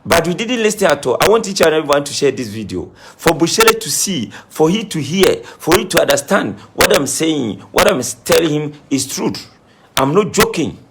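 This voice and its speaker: Over a noisy background, a man's fairly high, sing-song voice moves at a moderate pace as he plays a self-styled spiritualist giving an impassioned monologue to camera. He says he is crying while he scolds, emphatic and repetitive.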